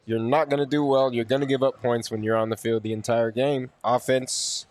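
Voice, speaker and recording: A man talks football with a blunt, casual edge, swearing now and then. His pitch sits in a middle range, and the recording is close and dry. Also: level tone, moderate pace, a little mellow, no room sound. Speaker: sports show co-host. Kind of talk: postgame sports talk.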